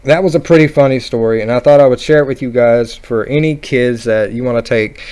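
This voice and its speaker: A man telling a funny roller coaster story in a casual, rambling, animated way. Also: medium pitch, brisk, clear, resonant tone. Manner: rambling, animated, laughing at his own story. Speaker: vlogger.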